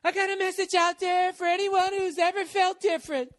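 Man doing a high, shouty pop diva preaching to an arena, milking dramatic pauses. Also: level tone, big-room sound. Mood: gushing. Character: preachy female pop star addressing an arena crowd.

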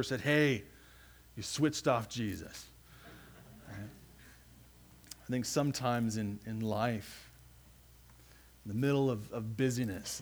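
A man preaching a sermon, earnest and unhurried. He circles back on his words and restarts often. His phrases trail off into quiet endings, and his voice sits at a plain mid pitch. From United States. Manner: earnest, halting preaching with many restarts, dropping soft at phrase ends. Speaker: pastor.

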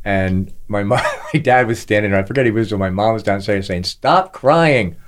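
A man's voice: lowish voice, moderate pace. A middle-aged man co-hosting a podcast, chatting casually and acting out the people in his stories. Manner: storytelling, acts out quoted voices. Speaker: podcast co-host. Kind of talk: casual chat.

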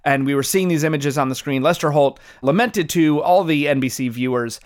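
A man's voice: medium pitch, moderate pace, few pauses. A man co-hosting a political podcast, talking in a wry, sarcastic way and laughing often. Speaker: podcast co-host. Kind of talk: political commentary chat.

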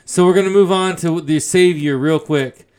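A man hosting a casual podcast, excitable and swearing when he is surprised. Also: a little high, moderate pace, clean tone. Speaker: podcast host.

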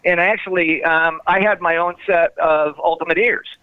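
A former tour manager, a man, tells road stories animatedly in an interview over a tinny, dry phone line, acting out the dialogue he quotes. His voice sits on the high side, clear and resonant, with fairly even intonation and a moderate pace.

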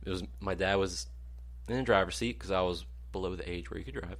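Young male co-host, laughs a lot, lowish voice jumping high when excited. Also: fast talker. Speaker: podcast co-host. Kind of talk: casual chat.

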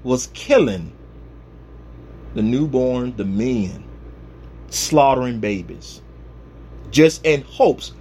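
A man's voice: mid-range voice, lively intonation, slow, pauses often, a little mellow, a little hiss or hum. A man preaching a humorous, conversational sermon, retelling Bible stories with comic asides.

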